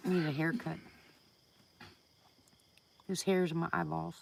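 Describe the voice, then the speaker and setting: A woman's voice: low voice, flat delivery, unhurried, gravelly, slight background noise. Chatty woman hosting a live chat. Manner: chatty, laughs often, greets viewers by name. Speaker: live stream host. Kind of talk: casual live chat with viewers.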